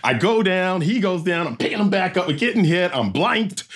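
A man, an obstacle race emcee, telling an animated story and acting out the sounds and voices. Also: sits high, moderate pace, slightly rough. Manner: lively storyteller who acts out sounds and voices.

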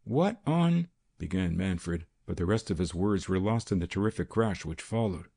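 A man narrating a period crime novel in a steady, measured reading. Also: sits low, creaky, slightly rough. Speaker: audiobook narrator. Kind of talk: scripted narration.

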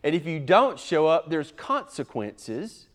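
Unhurried and sing-song in a slightly high voice, this pastor works through an expository sermon. He's methodical and forceful, with loudness surging and dropping sharply to press his points.

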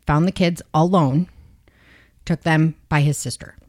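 A woman's voice: sits low, unhurried. A woman hosting a podcast, casually retelling a true crime story with lots of swearing and acted-out quotes. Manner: casual, animated, swears freely, acts out quotes. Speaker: podcast host.

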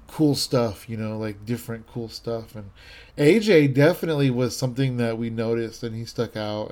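A man in his thirties talks in a loose, rambling way, piling up fillers and restarts. His voice is mellow and dark in tone, and his enthusiasm comes through as he chats casually. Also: mid-range voice. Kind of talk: casual chat.

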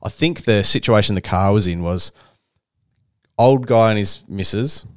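A man's voice: lowish voice, unhurried, no echo, clean studio sound. A young Australian man telling a story in casual chat and acting out the voices of the people in it. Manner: animated storyteller who acts out other people's voices. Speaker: podcast co-host.

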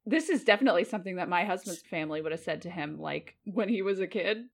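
A woman's voice: on the low side, animated, quick pace, creaky. A woman co-hosting a casual chat show, reading posts aloud and breaking off with laughing asides. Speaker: podcast co-host.

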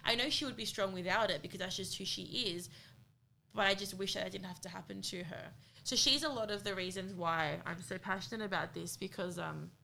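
A woman's voice: medium pitch, brisk, creaky, pushed and bright, slight background noise. A woman co-hosting a podcast, talking earnestly and from the heart in a candid conversation. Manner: earnest, heartfelt, retells friend's words. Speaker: podcast co-host.

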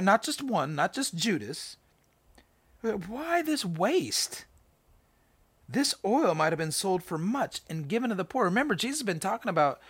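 A man hosting a podcast, reading scripture and commenting in a casual, fast, animated way with many fillers and restarts. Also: sits high, husky, no room sound. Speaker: podcast host.

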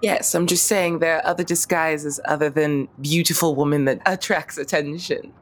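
女人扮演的爱挖苦的女医生. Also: female voice, sits low, steady tone, normal speed, close to an everyday voice. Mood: teasing. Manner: dry, teasing wit. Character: sardonic female doctor, teasing and motherly.

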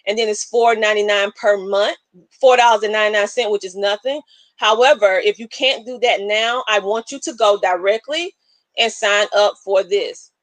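A woman hosting a live online show, talking in an animated, emotional, preacherly way. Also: mid-range voice, dry recording. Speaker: show host.

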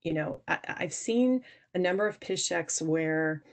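A woman's voice: fairly low pitch, lively intonation, a little slow. A woman guest on a podcast, explaining earnestly how investors judge founders, often restarting her sentences. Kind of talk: podcast interview answers.

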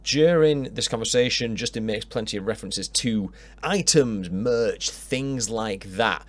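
A man's voice: on the low side, lively intonation, unhurried. A man with a Yorkshire accent hosting a casual podcast interview, chatty and swearing freely. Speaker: podcast host.

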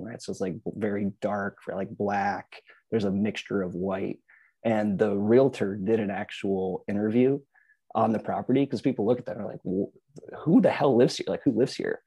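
A man's voice: lowish voice, creaky, dark tone, breathy edge, dry recording. A man chatting casually on a podcast, telling stories and explaining news with many fillers and restarts. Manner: rambling storyteller, many "like"s and restarts. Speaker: podcast co-host. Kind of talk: casual chat.

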